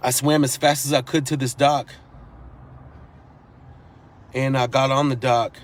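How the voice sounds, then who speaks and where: A man's voice: medium pitch, steady tone, measured pace, slight background noise. A man telling in earnest what he saw, repeating himself and restarting his sentences, his account growing more urgent. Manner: earnest, repetitive, grows urgent while retelling. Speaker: eyewitness. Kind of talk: emotional first-person recounting.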